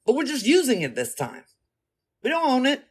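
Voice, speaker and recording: A man talking casually, telling a story in an animated, slangy, rambling way and speaking straight to his listeners. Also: very high voice, moderate pace, slightly rough.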